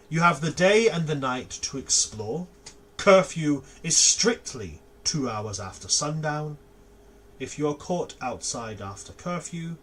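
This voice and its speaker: A man playing a stern magic-academy professor giving formal, measured instructions to new students. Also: medium pitch, fairly bright tone.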